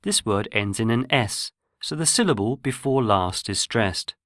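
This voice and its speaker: Measured man narrating a language lesson. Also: fairly low pitch, animated, fairly bright tone, no room sound, studio quality. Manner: measured, explanatory.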